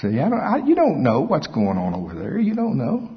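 A man preaching a sermon as pastor, telling folksy stories with self-mocking humor and a husky, raspy voice. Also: medium pitch, huge pitch swings, fairly quick. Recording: echoey hall, dull lo-fi sound.

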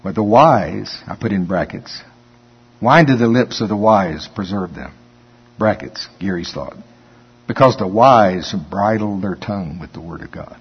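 A man pastor preaching a sermon in a church, reading scripture slowly and then commenting on it in a folksy, conversational way. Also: on the low side, husky. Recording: long hall reverb, dull lo-fi sound.

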